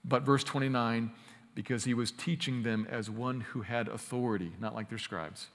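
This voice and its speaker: A man's voice: mid-range voice, fairly even intonation. Preaching man in an echoing hall. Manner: emphatic, with slow stressed phrases and quick asides. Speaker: pastor. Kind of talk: sermon.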